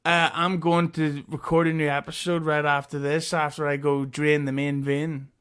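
A man appearing as a podcast guest, talking casually and hesitantly with many pauses. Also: on the high side, flat delivery, fairly bright tone, clear, resonant tone. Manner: hesitant, lots of uhs. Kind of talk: casual chat.

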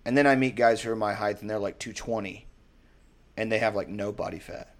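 A young man in casual chat, rambling and profane, telling animated stories. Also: fairly low pitch, brisk.

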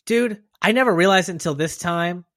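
A man's voice: high-pitched, fairly bright tone, no echo, clean studio sound. A man hosting a fantasy football podcast, chatting and joking casually with his co-host. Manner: joking, quick banter with a friend. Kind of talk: casual chat.

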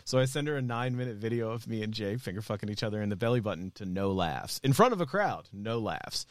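A man, a comedian guest on a podcast, telling a comic anecdote casually and with lively energy, swearing freely. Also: lowish voice, fast, no echo, studio quality.

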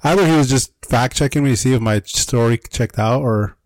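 Fast-talking podcast co-host, man from California, jokey asides, dry close-mic sound. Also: medium pitch, no echo, low-quality recording. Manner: jokey, quick interjections. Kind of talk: casual chat.

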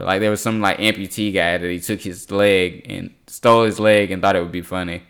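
A man's voice: sits low, fairly even intonation, brisk, a bit bright, clean tone. A young man hosting a podcast in casual, rambling chat, laughing often. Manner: loose, rambling, laughs a lot. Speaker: podcast host.

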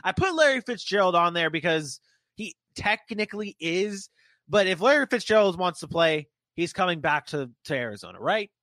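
A man hosting a casual sports podcast, animated and joking as he leads the talk. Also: high voice, normal speed, no room sound. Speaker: podcast host.

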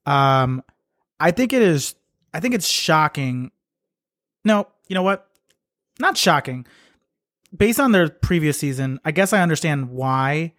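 A man with a slightly higher voice than most chats about basketball on a podcast. He talks conversationally, hedging and correcting himself mid-thought. The recording is dry and close. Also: fairly bright tone, no room sound. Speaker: podcast co-host. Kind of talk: casual sports chat.

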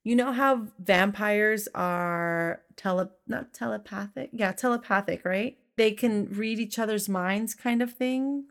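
A woman's voice: medium pitch, a little slow, hardly any pauses. A woman co-hosting a casual podcast chat about a film, emphatic and swearing freely. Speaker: podcast co-host reviewing a film.

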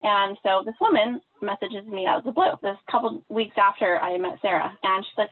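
A woman telling a personal story in casual podcast talk, animated and acting out what others said. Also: medium pitch, fast, few pauses, slightly rough. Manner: animated storyteller, acts out quoted voices. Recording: tinny phone-like line.

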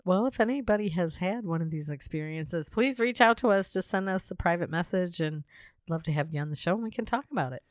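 A woman co-hosting a paranormal-style chat show, her voice a bit low and hoarse because it is giving out. She talks in a relaxed, chatty way, close to the mic, and the sound is dry with no room around it. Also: brisk, no echo. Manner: chatty, laughs often, friendly promo reads. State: losing her voice. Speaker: podcast co-host. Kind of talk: casual podcast chat.

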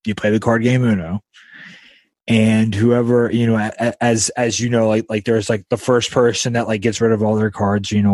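A man's voice: on the low side, darkish tone, no room sound, clean studio sound. A young man hosting a podcast, telling a story in a rambling, casual way with lots of fillers and restarts, recorded at a friend's house. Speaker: podcast host.

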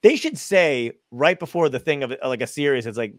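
A man talking casually on a podcast from home, his pitch jumping around as he gets worked up. He swears a lot and laughs easily. The sound is close and dry. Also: normal speed, no echo. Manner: profane, animated, laughing often. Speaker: podcast co-host. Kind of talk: casual chat. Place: home, on a video call.

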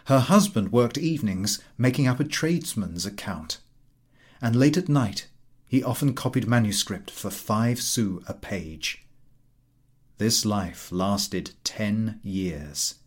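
A man narrating a classic short story, with measured delivery and dramatic pauses. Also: on the low side.

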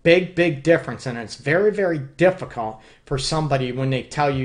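A man's voice: a little high, brisk. A man hosting a live relationship advice show as a counselor. He talks emphatically and keeps checking in with his listeners. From Detroit area. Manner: emphatic, keeps checking in with "okay?" and "you know what".

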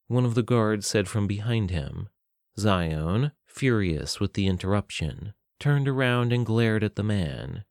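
A man narrating a fantasy story in a steady, measured reading. His voice is fairly low, and the recording is dry and close. The sound has no room echo. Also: gravelly.

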